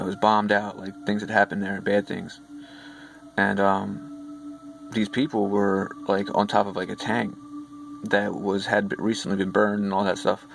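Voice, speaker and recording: Low gravelly man rambling over music. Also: fairly bright tone. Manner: rambling, heavy with fillers and restarts. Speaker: vlogger recounting dreams. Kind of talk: casual dream retelling. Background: background music.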